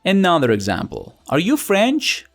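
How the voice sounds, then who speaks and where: A man's voice: high voice, huge pitch swings, moderate pace, soft background music. A young man teaching a language lesson in a playful, chatty way, asking rhetorical questions. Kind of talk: scripted lesson narration.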